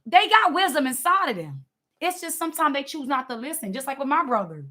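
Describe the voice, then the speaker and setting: A woman delivering fiery, sermon-like commentary in a high voice. Her tone is bright and ringing, and she leans hard on her points, often repeating words as she builds momentum. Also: big pitch swings, brisk. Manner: emphatic, preachy, repeats words. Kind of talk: impassioned commentary.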